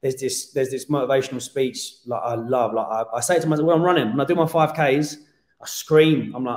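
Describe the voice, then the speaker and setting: A man's voice: medium pitch, quick pace. A man, a podcast guest talking animatedly and casually, swearing and restarting his sentences. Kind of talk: casual interview chat. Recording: roomy podcast room.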